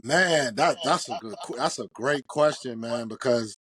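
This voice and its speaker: An earnest man answers in a candid, reflective way, restarting his phrases as he gathers his thoughts. His voice sits at an ordinary middle pitch. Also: a little slow, a bit bright, slightly rough, dry recording. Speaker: podcast guest. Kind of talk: reflective conversation.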